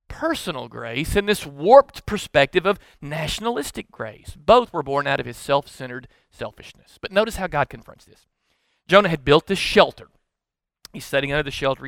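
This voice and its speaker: A man's voice: fairly high pitch, a bit bright, no room sound. A male pastor preaching a sermon, telling the story in an earnest, conversational way and often restarting his words.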